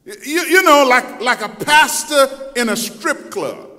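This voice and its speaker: A man preaching a sermon, telling the story dramatically and acting out voices, moving between loud, intense passages and soft asides. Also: extremely high pitch, expressive, unhurried. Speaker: pastor. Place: church sanctuary. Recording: long hall reverb.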